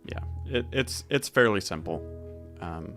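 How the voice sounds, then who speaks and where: Low gravelly man reading out questions. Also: lively intonation, measured pace, fairly bright tone, faint music behind. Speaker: co-host reading viewer questions. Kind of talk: casual livestream Q and A.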